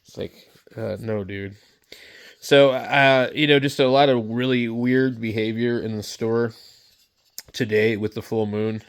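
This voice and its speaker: A man's voice: medium pitch, steady tone, measured pace, clean tone. A man vlogging, telling a story in a blunt, rambling way with many fillers. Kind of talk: casual storytelling rant to camera.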